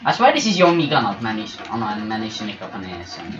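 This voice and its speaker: A man giving live gameplay commentary, excitable and chatty as he reacts aloud to each kill. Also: on the low side, rapid-fire, lo-fi sound. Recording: roomy with loud game music.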